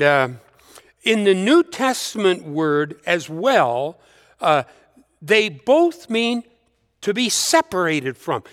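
A man preaching a sermon. He builds up emphatic lists and drops to hushed, repeated words. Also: high voice, big-room sound. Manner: slow, rising to emphatic lists, dropping to hushed repetition.

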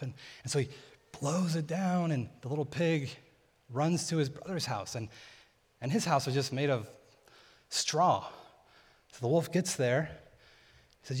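A man's voice: fairly high pitch, normal speed, long pauses, breathy edge. A young adult man preaching a sermon in a casual, conversational teaching manner. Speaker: pastor. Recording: long hall reverb.

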